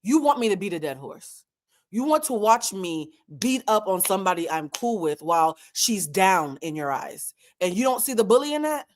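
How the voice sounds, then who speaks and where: A woman's voice: mid-range voice, very animated, normal speed. A woman hosting a commentary channel, talking straight to her viewers in an impassioned, lecturing rant full of pointed rhetorical questions. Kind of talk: direct-to-camera commentary rant.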